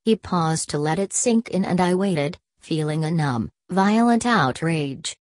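A woman narrating a novel in the first person in a measured, storytelling way. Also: low-pitched, expressive, a little mellow, no room sound. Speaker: audiobook narrator.

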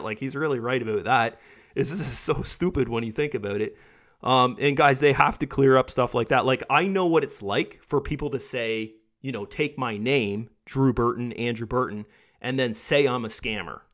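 Rambling man talking casually to viewers. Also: mid-range voice. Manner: rambling, with many fillers and "guys, right?" tags. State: losing his voice. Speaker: video host. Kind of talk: casual monologue to camera.

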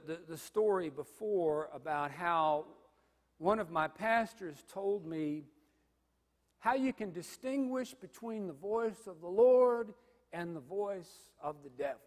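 A pastor in his fifties preaching a sermon, swinging from loud stressed phrases to hushed asides. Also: high voice. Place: church sanctuary. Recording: reverberant sanctuary.

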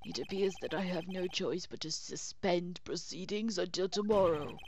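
A woman voicing a stern older male judge who speaks in a formal, measured way. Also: fairly low pitch, highs cut off, slight background noise, voice pushed down, lightly acted. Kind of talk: voicing game dialogue.

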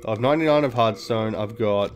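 A man's voice: on the low side, fast talker, soft background music. A man giving casual gameplay commentary, thinking aloud, explaining game mechanics and swearing freely. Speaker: gaming video host.

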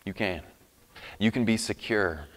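Earnest low-voiced pastor in a reverberant hall. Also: male voice, a little slow, fairly bright tone. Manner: earnest, emphatic, with frequent restarts. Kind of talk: sermon. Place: church hall.

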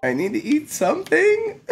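A man streaming a video game live, playful and exclaiming, laughing often and thanking his chat. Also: mid-range voice. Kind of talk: live gameplay commentary.

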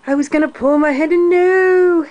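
A young woman filming her cat on the stairs at home, talking to it in sing-song baby talk and sometimes dropping to a soft whisper. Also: extremely high pitch, steady tone, normal speed, lo-fi sound. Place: house stairway, indoors. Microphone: handheld camera mic.

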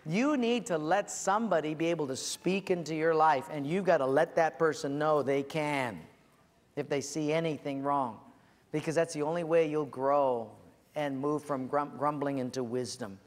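A man's voice: on the high side, normal speed. A male pastor giving an earnest, conversational sermon in a large church hall.

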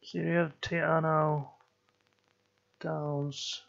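A man giving slow let's play commentary, musing and thinking aloud as he plays. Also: on the high side, little pitch movement, gravelly, fairly bright tone, lo-fi sound. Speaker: gameplay commentator.

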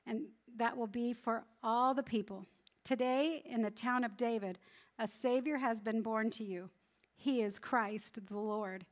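A woman with a slightly high voice reads scripture aloud to a congregation. She keeps a steady, measured pace. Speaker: scripture reader. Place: church sanctuary.

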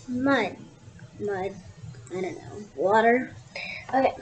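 Slow, expressive woman reading aloud. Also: fairly high pitch, a little hiss or hum, rough recording. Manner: slow and expressive, with chatty asides. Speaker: read-aloud channel host. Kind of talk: reading a picture book aloud to children.

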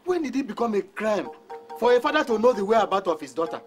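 A man's voice: sits high, big pitch swings, fast talker. An actor with a Nigerian accent playing a stern middle-aged father who scolds his daughter. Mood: scolding. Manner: scolding, exasperated. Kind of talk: Nollywood film acting. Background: film score music.

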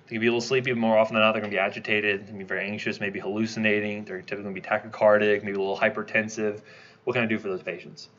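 Fast-talking man lecturing, low voice. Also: flat delivery, a bit bright, dull audio. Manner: quick, conversational, asks the class questions. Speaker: toxicology lecturer. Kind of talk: classroom lecture.

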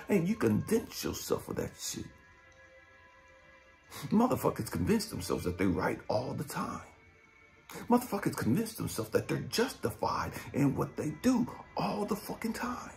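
A man giving a profane motivational talk as a life coach, blunt and intense, swinging between loud urging and low muttering. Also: big pitch swings, a little slow, vocal fry, pauses often, faint music behind. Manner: blunt, heavy swearing, drill-instructor intensity.

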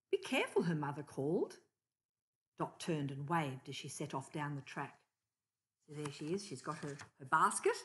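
Slow-reading older woman storyteller. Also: sits low. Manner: slow, pauses to point out pictures. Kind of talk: reading a picture book aloud.

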